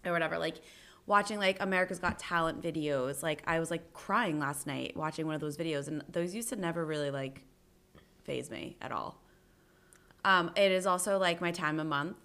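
A young woman co-hosting a podcast, talking in a relaxed, rambling way with lots of fillers. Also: deep voice, moderate pace. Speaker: podcast co-host. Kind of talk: casual chat.

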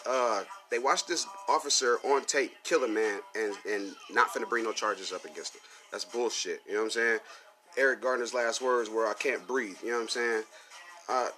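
Male podcast host, mid pitch, bright edge, riffs heatedly and profanely with steady fillers. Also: moderate pace. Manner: profane, heated, filler-heavy with frequent laughs. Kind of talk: casual solo podcast rant.

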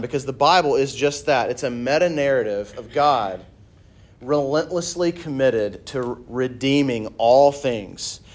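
A man in his thirties, a campus minister preaching a conversational sermon to students with animated storytelling and light humor. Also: mid-range voice.

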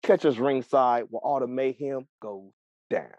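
A man's voice: mid-range voice, unhurried, a little mellow, no room sound, lo-fi sound. A man co-hosting a wrestling podcast, hyped and playful, fond of puns. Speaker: podcast co-host. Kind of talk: excited wrestling podcast chat.

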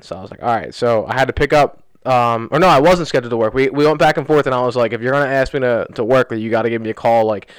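Fast-talking young man telling a story. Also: mid-range voice, smooth, no echo. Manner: rambling, fast, lots of "like", animated retelling. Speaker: podcast co-host. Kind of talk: casual storytelling chat. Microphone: studio podcast mic.

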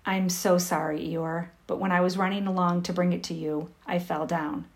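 A woman's voice: fairly low pitch, little pitch movement, moderate pace, lightly acted. A woman reading the lines of a timid little piglet from a storybook, over an echoey intercom. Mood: sorry.

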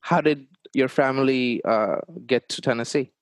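Male interviewer born in Bangladesh, middle pitch, dry close sound, chatty and rambling. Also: moderate pace, clear, resonant tone, dry recording, low-quality recording. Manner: chatty, rambling, frequent restarts. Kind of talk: casual conversational interview.

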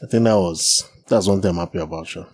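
A man in a casual chat with his wife. He is laid-back and halting, often laughing and trailing off. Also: sits low, slight background noise, poor audio. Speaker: podcast co-host, married to the other speaker.

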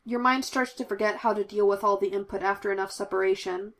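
A young male Jedi knight, firm, commanding and steadying, read by a woman narrator. Her voice stays near her own middle pitch. Fan fiction audiobook. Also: fairly even intonation, fast talker, natural voice.

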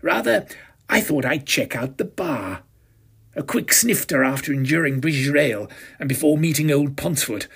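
A man's voice: a little high, expressive, normal speed, creaky, fairly bright tone, breathy edge. A man in his fifties narrating a first-person audio drama with a pompous, self-satisfied, arch manner. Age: 50s.

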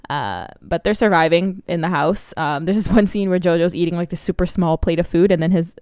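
Smooth low-voiced woman recapping a film. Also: brisk, darkish tone, no room sound, clean studio sound. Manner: rambling plot recap with many fillers. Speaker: podcast co-host. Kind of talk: casual movie review chat.

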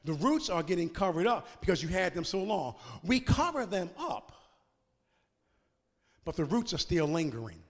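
High-voiced pastor preaching in a reverberant church. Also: male voice, sing-song, normal speed. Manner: preaching with rising shouts and sung cadences, then quiet conversational asides. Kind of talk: sermon. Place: church sanctuary.

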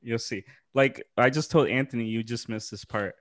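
A man hosting a casual reaction chat who is excitable, laughs often and swears freely. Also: medium pitch, normal speed. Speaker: podcast host.

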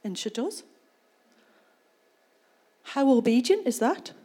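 A woman's voice: a little high, very animated, slow, warm tone. A woman preaching a sermon in church, retelling a scripture passage and explaining it in a conversational way. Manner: conversational storytelling, reads scripture then explains it.

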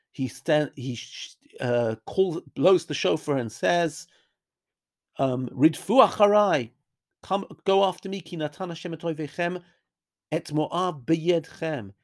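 A man explains a Bible chapter in an unscripted lesson. His voice sits at a middle pitch, and he talks thoughtfully, working through each point with fillers and small restarts. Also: darkish tone. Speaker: Bible teacher.

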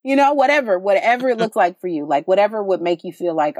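A woman's voice: medium pitch, fast talker, a little mellow, dry recording, clean studio sound. A woman hosting a podcast, talking candidly in casual chat with frequent restarts. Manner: candid, chatty, stumbling restarts. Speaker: podcast host.

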